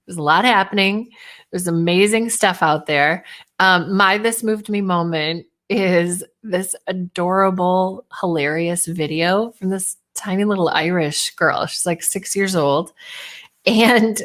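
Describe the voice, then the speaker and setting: A woman's voice: on the low side, a bit bright. A woman hosting a live online workshop as a speaking coach, chatty and bubbly, often laughing.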